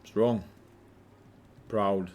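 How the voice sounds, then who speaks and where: A man's voice: on the low side, fairly even intonation, drawn-out words, a little mellow. A man voicing a blunt dwarf warrior. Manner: blunt, hesitant, with filler words. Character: gruff middle-aged male dwarf warrior.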